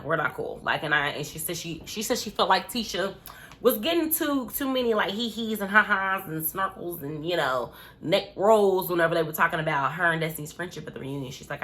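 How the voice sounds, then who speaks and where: Woman recap host, loose and opinionated, lots of "like" and "you know", bright tone. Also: low voice. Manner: chatty, opinionated, slangy with many fillers. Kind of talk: casual recap commentary.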